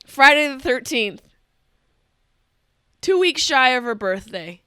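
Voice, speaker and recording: Woman host, higher-pitched, crisp and bright, comic storyteller who interrupts herself. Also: slow pace, dry recording, clean studio sound. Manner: profane, animated, self-interrupting. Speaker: podcast host. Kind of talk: comedic storytelling monologue.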